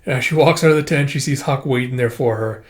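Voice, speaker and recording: A man casually recapping a manga volume, retelling the dialogue in a relaxed way. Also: mid-range voice, fast. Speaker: manga reviewer.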